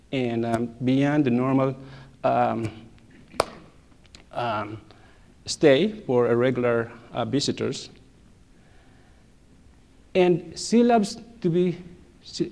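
A middle-aged man telling a personal church testimony, animated, repeating phrases and laughing between lines, with non-native English grammar. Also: mid-range voice, creaky.

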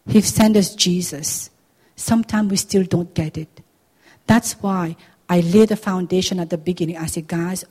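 Animated woman preacher in an echoing hall. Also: lowish voice, slightly rough. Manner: animated, rising to loud emphatic exclamations; acts out quoted voices in her preaching. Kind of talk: sermon. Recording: long hall reverb.

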